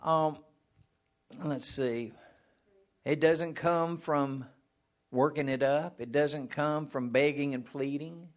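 Speaking slowly and steadily with frequent pauses, a male preacher talks through his sermon like a conversation, raising questions for the audience and supplying the answers. At times he slips into a high, strained voice to act out a mock prayer.

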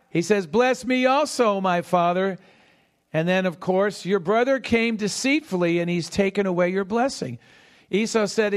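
A man preaching a sermon, teaching verse by verse and acting out the voices in the story while quizzing the congregation. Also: sits high. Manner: animated, calls to the congregation with questions.

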